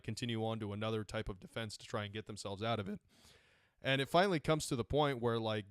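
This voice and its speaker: A man's voice: medium pitch, smooth, dry recording, clean studio sound. A man on a podcast casually retelling court cases, rambling, correcting himself and dropping sarcastic asides. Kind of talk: casual chat.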